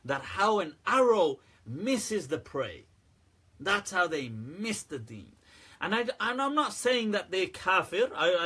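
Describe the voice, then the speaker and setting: A man with a slightly husky voice that sits a little high for a man hosts a relaxed livestream Q&A. He talks to his viewers in a candid, animated way and breaks into laughter often. His commentary sounds loose and conversational rather than scripted. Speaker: host answering viewer questions.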